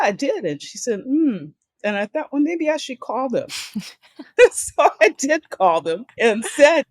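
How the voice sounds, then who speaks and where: Older woman telling lively career stories. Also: fairly low pitch, no echo. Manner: animated storyteller who acts out the voices of people she quotes. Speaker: guest speaker and author. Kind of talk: storytelling in a podcast interview.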